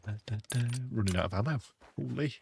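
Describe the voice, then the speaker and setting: A chatty English man with a low voice and a gravelly, creaky edge, talking casually to his viewers. He keeps the commentary relaxed and friendly and keeps calling people mate. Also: normal speed, slight background noise. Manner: chatty, laughs often, calls viewers "mate". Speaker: gaming livestreamer.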